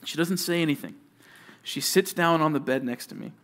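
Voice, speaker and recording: A male youth pastor preaching to junior high students, telling stories with animation and talking straight to his listeners. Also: a little fast. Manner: animated storytelling, addresses listeners directly.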